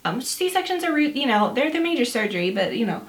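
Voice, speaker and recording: A woman's voice: fairly high pitch, sing-song, a little fast. A young woman, a new mother, telling a story in a chatty, casual way with lots of fillers and quoted asides. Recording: roomy echo.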